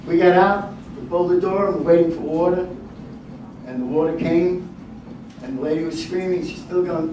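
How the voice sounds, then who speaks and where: Stand-up comic heard from afar in echo. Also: male voice, a little high, dark tone. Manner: wry storytelling with punchline pauses. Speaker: stand-up comedian. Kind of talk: stand-up comedy set. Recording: echoey room from a distance, noisy.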